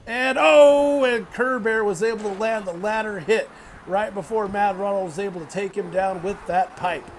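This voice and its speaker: A young man giving excitable play-by-play wrestling commentary, swearing, laughing and bursting into loud exclamations. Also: sits high, slight background noise. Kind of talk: play-by-play commentary on a video game wrestling match.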